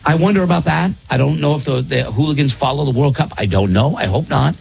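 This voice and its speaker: A man's voice: a little high, fast, gravelly, darkish tone, breathy edge, faint music behind. A man hosting a casual morning radio show, rambling along in an easygoing way with plenty of fillers.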